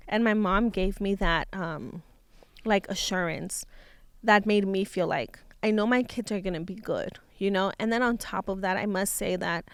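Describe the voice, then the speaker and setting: A woman's voice: medium pitch, moderate pace, smooth, dry recording. A woman in her thirties, a mother and vlogger, telling a personal story in a casual, heartfelt way, sometimes dropping into Spanish phrases.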